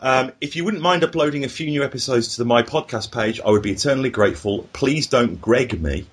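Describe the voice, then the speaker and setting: A man hosts a casual podcast, swearing and joking as he reads out listener mail. His voice is husky and his pitch is in the mid range. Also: a little fast. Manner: irreverent and sweary, reading out emails. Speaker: podcast host.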